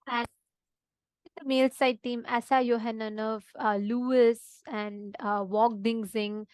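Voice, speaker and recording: A woman's voice: fairly high pitch, fairly even intonation, measured pace, a little mellow, clean tone, no room sound. A woman presenting an online spiritual session, telling a devotional story with checks like "right?" and "understand?". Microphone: online session with chat.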